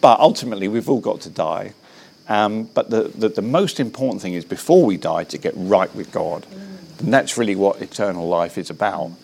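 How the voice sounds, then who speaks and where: Brief: man, low gravelly voice, earnest preaching manner, faint background noise. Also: fairly quick. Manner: earnest, animated, frequent restarts. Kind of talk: preaching in an interview. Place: Belfast.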